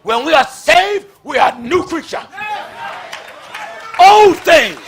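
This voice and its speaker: A male pastor preaching a fiery sermon in short, punchy shouted phrases, with a congregation responding. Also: very high-pitched, lively intonation, slow, some chatter behind, slight background noise. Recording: church congregation audible behind.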